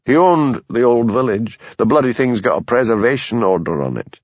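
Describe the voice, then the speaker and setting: A man voicing a blunt, bitter factory owner who answers questions gruffly in an audiobook. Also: medium pitch, animated, normal speed, dry recording, dull audio, natural voice.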